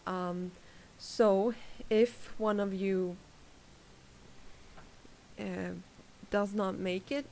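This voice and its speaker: A woman playing a cheerful young employer who hires a party of adventurers, speaking haltingly with many ums and little laughs. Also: medium pitch, steady tone, darkish tone, slight background noise. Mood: earnest. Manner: hesitant, full of ums, giggly.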